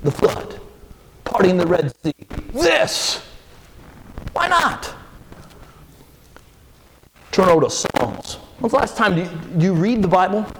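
A man preaching a sermon, reading scripture and talking in an animated, conversational way with sudden jumps in pitch. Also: slow, long pauses, noisy background. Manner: animated, with emphatic leaps in pitch; conversational asides and restarts.

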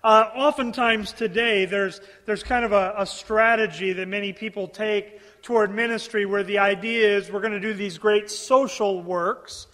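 A high-pitched male preacher delivers an expository sermon. He reads scripture and then explains it earnestly, repeating words as he reaches for each point. His voice rings out with a long hall reverb. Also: fairly even intonation, normal speed, hardly any pauses, pushed and bright.

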